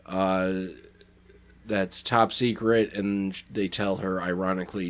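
A man's voice: low voice, level tone, slow. A man in casual podcast chat, joking and laughing often.

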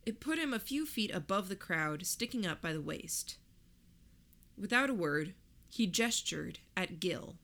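A woman reading a first-person story aloud in a measured, reflective way. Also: on the low side, sharp tone. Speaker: narrator. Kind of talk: first-person audiobook narration.

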